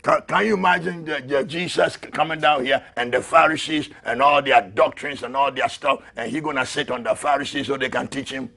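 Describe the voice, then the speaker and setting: A man preaching a fiery sermon as an apostle, who shouts, repeats his lines and laughs between them. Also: medium pitch, fairly even intonation, a little fast, gravelly, hardly any pauses.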